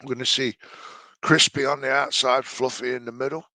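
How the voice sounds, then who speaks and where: A man's voice: mid-range voice, level tone, fairly quick, sharp tone, no echo. A man giving mocking, exasperated reaction commentary on a video, swearing freely.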